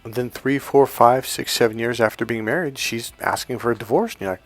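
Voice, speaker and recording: Speaking brisk and fairly even at a medium pitch, this middle-aged dating coach addresses the camera bluntly and emphatically. He swears freely and repeats phrases to hammer points home, with soft music playing in the background.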